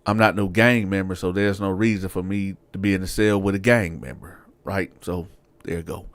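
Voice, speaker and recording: A man's voice: moderate pace, dry recording. A man, casually telling a prison story to his audience and acting out the quotes. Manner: animated, acts out quotes with rising pitch. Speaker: storyteller, show host.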